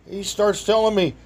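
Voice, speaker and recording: A man with a high, creaky voice tells an audience a rambling personal anecdote, chatty and meandering, breaking into exclamations and chuckles. The recording carries a little hiss or hum.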